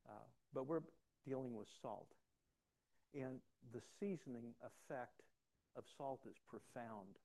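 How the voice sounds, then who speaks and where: Folksy older male preacher, mellow voice. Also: mid-range voice, unhurried. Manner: folksy, rambling, repeats words when starting a thought. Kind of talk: conversational sermon.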